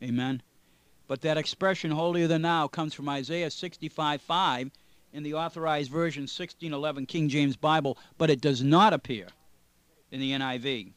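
A man's voice: a little high, normal speed, a bit bright, no echo. A man as a pastor teaching a Bible study broadcast, reading scripture aloud with strong emphasis and tossing in "amen" asides. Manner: emphatic preacher, reads scripture aloud with stress; frequent "amen?" asides and small restarts.

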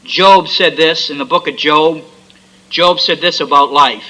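A man's voice: fairly high pitch, fairly even intonation, unhurried, bright, forceful tone, low-quality recording. A man preaching a fervent sermon, with repeated refrains and frequent amens.

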